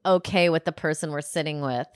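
A woman's voice: low-pitched, brisk, clean tone, no room sound, studio quality. A woman co-hosting a podcast, chatting in a laughing, affectionate way. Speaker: podcast co-host. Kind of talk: casual banter.

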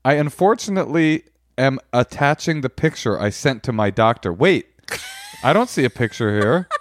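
A man's voice: mid-range voice, animated, moderate pace, no room sound. A man co-hosting a podcast, reading listener emails aloud in a crude, wry, playful way. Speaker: podcast co-host.

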